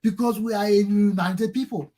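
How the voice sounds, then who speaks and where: Man, Liberian English accent, talk show host, impassioned, husky. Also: fairly even intonation, normal speed. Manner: preachy and fiery, swings from low intensity to shouting. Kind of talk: impassioned monologue.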